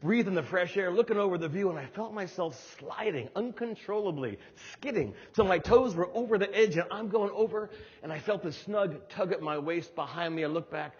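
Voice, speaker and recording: A middle-aged New Jersey man gives a lively, funny keynote story in a slightly high, husky voice, talking briskly with few pauses and doing voices as he acts out scenes. The audio sounds dull and muffled, carrying the long reverb of a big hall.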